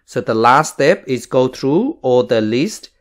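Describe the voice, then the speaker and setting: A man teaching a maths lesson, explaining each step slowly and plainly. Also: medium pitch, expressive. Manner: slow, plain stepwise explaining.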